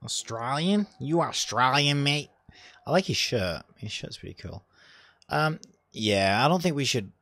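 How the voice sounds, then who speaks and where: A young man giving casual, sarcastic gameplay commentary, chatty and swearing, with sudden loud outbursts. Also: medium pitch, big pitch swings, moderate pace, no room sound. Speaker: let's play gamer.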